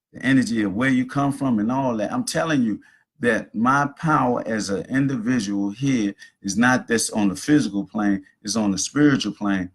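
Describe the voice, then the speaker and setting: Gravelly, husky middle-aged male host. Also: mid-range voice, fairly bright tone. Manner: rambling, preachy storytelling. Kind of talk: casual livestream monologue. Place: at home.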